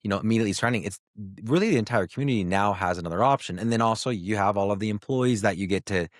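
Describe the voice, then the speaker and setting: Guy hosting a business podcast, lowish voice, upbeat, recaps stuff, dry mic. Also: racing, no room sound. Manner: upbeat, summarizing the guest's points. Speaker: interview host. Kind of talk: casual business interview.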